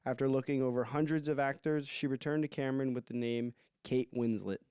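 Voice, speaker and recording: Smooth-voiced male podcast co-host. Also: medium pitch, steady tone, brisk, warm tone, no echo, clean studio sound. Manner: brief reactions, reads notes aloud. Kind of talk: casual podcast chat.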